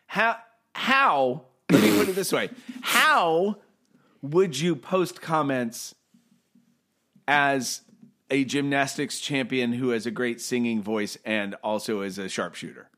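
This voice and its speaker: A man with a mid-pitched, animated voice, co-hosting a casual chat. He rambles and sounds baffled, with plenty of fillers. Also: slow. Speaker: co-host.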